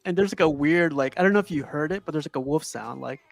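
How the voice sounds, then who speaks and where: A man's voice: a little high, quick pace, creaky, no room sound. Rambling man guest, casual chat. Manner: loose, rambling, many "like" fillers. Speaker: guest co-reviewer.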